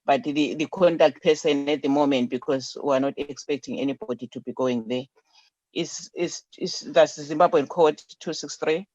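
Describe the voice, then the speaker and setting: A woman founder being interviewed remotely, talking haltingly and repeating words as she searches for them. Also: low-pitched, a little mellow, no echo. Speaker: charity founder, interview guest. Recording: dull, dry remote line.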